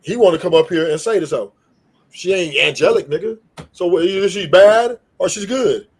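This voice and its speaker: A man argues on a live stream, swearing freely and repeating his points. His voice sits high and sounds husky. He is combative and keeps pressing. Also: animated, moderate pace, darkish tone. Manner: profane, combative, repeats himself. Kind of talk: heated live-stream argument.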